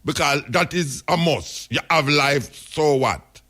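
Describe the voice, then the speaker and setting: A man's voice: fairly high pitch, takes it slowly, bright, forceful tone. A man with a Jamaican accent, hosting a talk radio show and telling stories in patois. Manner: storytelling in Jamaican patois, emphatic. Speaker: radio host.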